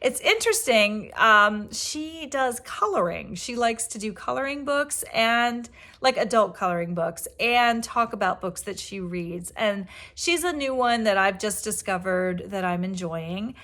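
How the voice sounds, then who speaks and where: A woman's voice: medium pitch, expressive, unhurried, hardly any pauses. Chatty woman hosting a book channel. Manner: chatty, rambling, warm praise of other creators. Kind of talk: casual chat.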